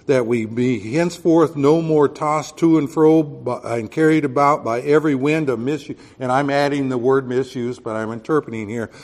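A man's voice: mid-range voice, moderate pace, few pauses, a little mellow. Texan male pastor, mid-range voice, casual verse-by-verse preaching with emphatic peaks. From Texas. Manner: conversational preaching, rising emphatic on key points. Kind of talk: sermon.

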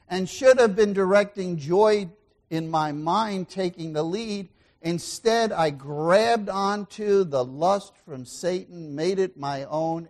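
A man preaching a sermon as pastor, asking the congregation questions and swinging between loud exclamations and quiet asides. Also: sits high.

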